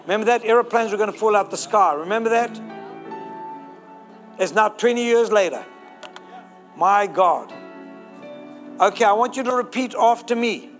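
High-voiced fervent male preacher. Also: normal speed, pauses often, soft background music. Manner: fervent, exhorting, rallies the congregation. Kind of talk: sermon.

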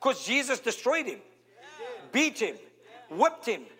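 High-voiced South African preacher. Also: male voice, takes it slowly. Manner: animated, stretches key words, calls for amens. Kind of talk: sermon.

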